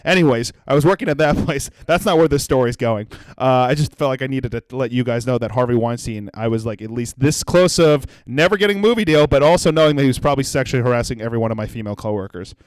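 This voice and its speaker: A young man hosting a comedy podcast, telling a profane, animated story and acting out the people in it. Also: mid-range voice, quick pace, hardly any pauses, no echo. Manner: profane, animated, acts out voices in his story.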